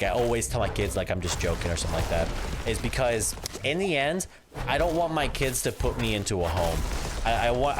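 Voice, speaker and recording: A man's voice: mid-range voice, noisy background. A young man livestreaming a game, chatting casually and animatedly, laughing often and acting out family conversations. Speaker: gaming livestreamer and father. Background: game music.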